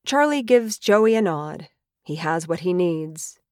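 A woman's voice: lowish voice, lively intonation, slow, darkish tone, no room sound, studio quality. A woman reading a first-person audiobook in an earnest, reflective way, acting out the dialogue. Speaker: audiobook narrator.

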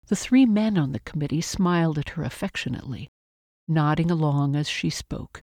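A narrator reading a literary novel aloud in a measured, even manner. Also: mid-range voice, breathy edge, dry recording, clean studio sound. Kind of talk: scripted audiobook narration.

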